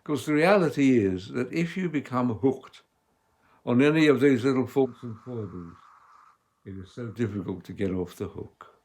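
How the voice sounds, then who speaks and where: A man delivering a sermon as a rabbi, measured and emphatic, with loudness that swells and drops. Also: mid-range voice, expressive. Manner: measured, emphatic delivery with strong dynamic swings.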